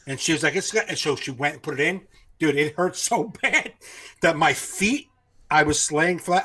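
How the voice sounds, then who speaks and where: Male podcast co-host, husky voice with lots of pitch swing, profane anecdotes. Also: a little fast. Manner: animated, profane storytelling. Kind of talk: casual chat.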